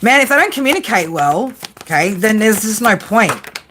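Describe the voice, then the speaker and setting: A woman's voice: mid-range voice, big pitch swings, moderate pace, bright, forceful tone, slight background noise. A woman doing a casual live tarot reading, teasing her viewers and swearing freely as she talks through the cards. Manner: teasing, profane banter with viewers. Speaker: psychic tarot reader.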